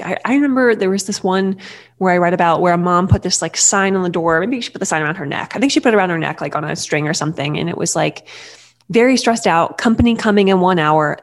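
Gravelly-voiced woman chatting lightheartedly. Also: fairly low pitch. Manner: chatty, lighthearted, frequent fillers and restarts. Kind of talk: casual advice talk.

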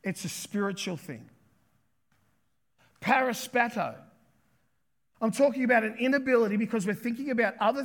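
A pastor preaching a sermon with emphatic delivery, repeating key words and acting out quotes. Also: male voice, very high voice, gravelly, a bit bright.

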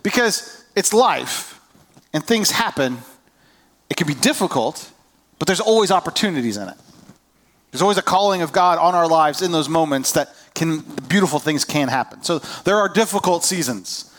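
A man's voice: a little high, normal speed. A man in his thirties, a pastor preaching a conversational sermon to a congregation, who often acts out the questions of anxious people. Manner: conversational, animated, acts out voices of worried people. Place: church hall.

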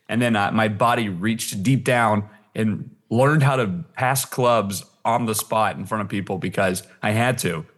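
A man hosting a podcast, talking in an animated, rambling way and laughing often. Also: medium pitch, moderate pace, hardly any pauses, husky. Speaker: podcast host. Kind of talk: casual chat.

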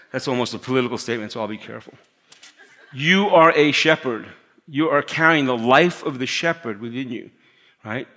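A middle-aged pastor preaches in a loose, talky style, often falling to a quiet hush to drive a point home. His voice is bright and forward, with a middle pitch. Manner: conversational preaching, drops to a hush for emphasis. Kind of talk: sermon.

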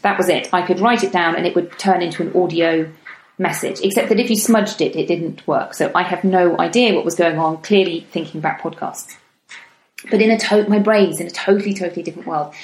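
A woman in her thirties, hosting a reflective solo podcast talk in a gentle, chatty manner, slowing down to stress her points. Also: medium pitch. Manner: gentle, chatty, slows down for emphasis. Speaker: podcast host. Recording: echoey room.

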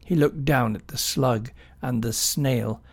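A man reading a children's animal story aloud in an expressive, unhurried way. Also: medium pitch, gravelly.

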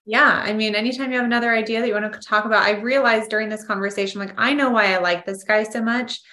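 A woman's voice: fairly high pitch, steady tone, fast, sharp tone. A woman hosting a podcast interview, wrapping up with effusive praise for her guest. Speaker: podcast host. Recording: roomy echo.

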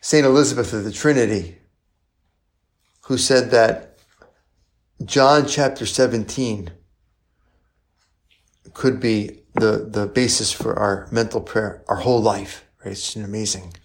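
Man giving a chatty low-voiced sermon. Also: fairly even intonation, measured pace, pauses often. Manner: conversational, asks rhetorical questions with frequent "right?". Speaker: priest.

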